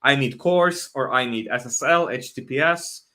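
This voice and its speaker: Casting note: a man as a live stream host, relaxed and chatty, mid-pitched voice, often restarting his sentences. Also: normal speed. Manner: casual, self-correcting, laughs often, answers chat questions. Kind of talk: live stream talk on software testing.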